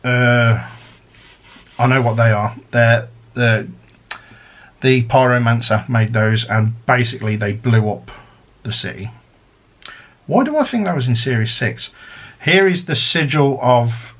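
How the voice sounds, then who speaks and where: A man's voice: medium pitch, lively intonation, measured pace, long pauses, fairly bright tone. A man chatting casually as he unboxes a collector's set, rambling and drifting into fan theories. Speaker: unboxing vlogger.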